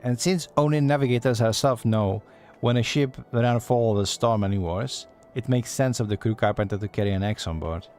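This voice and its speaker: A man's voice: medium pitch, normal speed, hardly any pauses, darkish tone, soft background music, natural voice. A man voicing a teasing female guild receptionist from a game, in a put-on Scottish accent, reading her dialogue aloud in a folksy, storytelling way. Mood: yarn-spinning.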